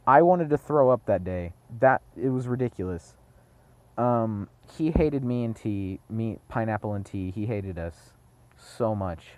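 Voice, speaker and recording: A man's voice: lowish voice, a little mellow. A young man telling a personal story in a casual vlog, rambling, correcting himself and dropping jokey asides. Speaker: vlogger.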